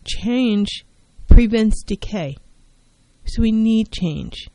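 A woman's voice: on the high side, lively intonation, extremely slow, warm tone, no echo, low-quality recording. A woman therapist giving an earnest self-help talk on mental health, driving her points home by repeating key phrases.

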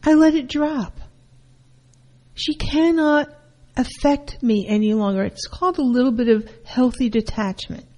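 A middle-aged woman giving an informal lesson on counseling, telling personal stories in a lively way. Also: high voice, unhurried. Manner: animated, acts out her mother's voice. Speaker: counselor teaching a class.

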